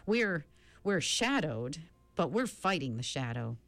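An earnest teenage boy in a storybook, voiced by a woman narrator. He answers frankly in a low, firm voice. The recording is dry, with faint music behind it. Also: very animated, takes it slowly, vocal fry, a bit bright, no room sound, heavily acted.

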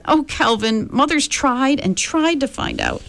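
A woman's voice: mid-range voice, big pitch swings, normal speed, a bit bright, faint music behind, pitched above the performer's own voice. A woman reading a story aloud, voicing an unhappy teenage girl who talks in a trembling voice choked with tears. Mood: tearful. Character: unhappy awkward teenage girl, tearful and self-critical.

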